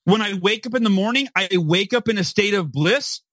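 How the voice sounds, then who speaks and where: This high, slightly bright voice belongs to a podcast guest, an author in his forties, who talks at a moderate pace with few pauses and no room sound. His explanations are emphatic and motivational, punctuated over and over by "right?"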